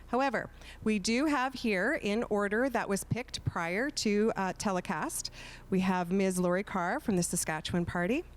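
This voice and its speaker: A woman hosts a televised candidates forum. She talks in a chatty, informal way, with fillers and quick corrections, at a middling pitch. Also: a little hiss or hum. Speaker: forum moderator.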